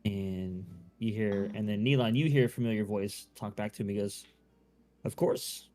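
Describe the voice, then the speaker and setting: A man's voice: on the low side, steady tone, normal speed, a little mellow, soft background music. A man running a tabletop game as game master, narrating loosely with many fillers and restarts.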